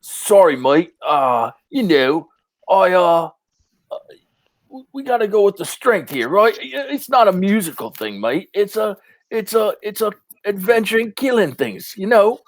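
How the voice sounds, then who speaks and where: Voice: mid-range voice, sing-song, measured pace, voice pushed up. A man voicing a smarmy male band front man who fakes an accent and soothes a bandmate he has just dropped. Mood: placating.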